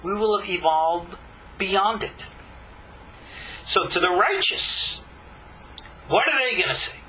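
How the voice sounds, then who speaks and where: A man, a rabbi, teaching a Torah class in an emphatic lecturing style with long dramatic pauses and rhetorical questions. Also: high-pitched, animated, bright, forceful tone, a little hiss or hum, low-quality recording.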